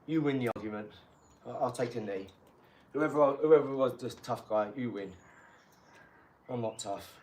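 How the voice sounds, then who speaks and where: A man's voice: mid-range voice, normal speed, long pauses, darkish tone. Rambling man with street slang. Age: adult father. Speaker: live streamer working out. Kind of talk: casual live-stream chat.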